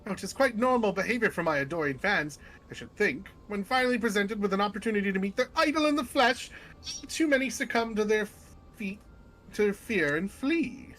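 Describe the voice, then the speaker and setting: A man reading game dialogue aloud as a pompous gentleman inspector who is a grandfather, grandiose and declamatory. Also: sits high, expressive, brisk, soft background music, low-quality recording. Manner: grandiose, old-fashioned and declamatory.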